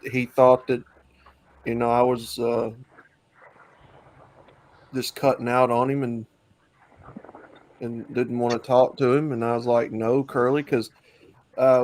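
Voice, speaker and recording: A man hosting an online talk stream, chatting casually in a loose, rambling way with many fillers. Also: medium pitch. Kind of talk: casual chat.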